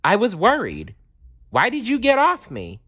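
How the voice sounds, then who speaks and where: A man's voice: high-pitched, wildly swooping pitch, measured pace, fairly bright tone, dull audio, pitched above the performer's own voice, exaggerated voice. A man voicing a kindly badger who fusses over his friends in a raised voice. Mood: worried.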